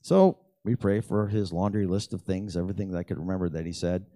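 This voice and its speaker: Gravelly low-voiced man telling stories. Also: quick pace, no room sound, clean studio sound. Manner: animated storyteller who acts out dialogue with big pitch jumps. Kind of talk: storytelling testimony talk.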